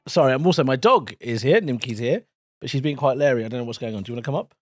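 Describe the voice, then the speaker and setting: A man's voice: medium pitch, animated, very fast, dry recording, clean studio sound, soft background music. A man co-hosting a comedy podcast, bantering casually, firing questions and swearing freely. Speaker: podcast co-host.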